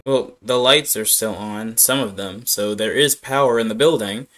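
A man's voice: fairly low pitch, moderate pace, a bit bright, soft background music. A young man hosting a reaction video, chatting casually and joking back at the screen.

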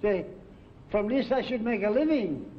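An actor playing a fussy, world-weary middle-aged leprechaun lawyer who grumbles wryly, on a dull 1970s TV recording. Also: male voice, sits high, animated, normal speed. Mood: grumbling. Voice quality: wry, grumbling, kvetching. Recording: dull 1970s TV sound with faint noise.

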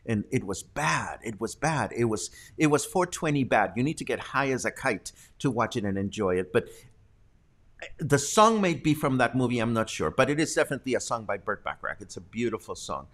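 A man hosts a casual news livestream at a middle pitch. He chats warmly with viewers and is prone to fits of laughter as he reads their comments. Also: big pitch swings, a little fast. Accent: Mexican. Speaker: host.

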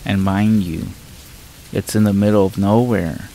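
A man reading scary stories aloud in a calm, measured narration. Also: lowish voice, slight background noise, low-quality recording. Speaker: horror story narrator. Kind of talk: scripted horror narration. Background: rain and thunder ambience.

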